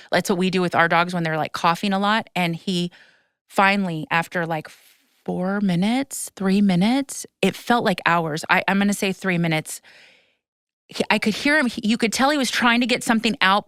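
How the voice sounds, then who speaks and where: A woman hosting a podcast, telling a story to a friend in an animated rush, with frequent restarts and casual swearing. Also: mid-range voice, clear, resonant tone, no echo, clean studio sound. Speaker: podcast host. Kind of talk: casual chat.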